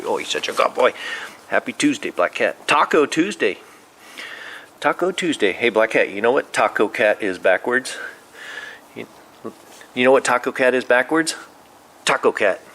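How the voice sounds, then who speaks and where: A man's voice: medium pitch, bright, forceful tone. A man chatting playfully to a feral cat in his workshop, with doting baby-talk. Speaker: vlogger talking to a feral cat. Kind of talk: casual chat to a pet.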